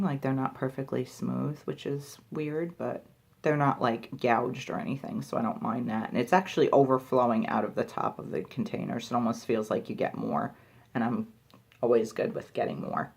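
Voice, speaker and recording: A woman's voice: very deep voice, gravelly, a little mellow, breathy edge. A woman talking casually in a product review vlog, chatty and full of filler words.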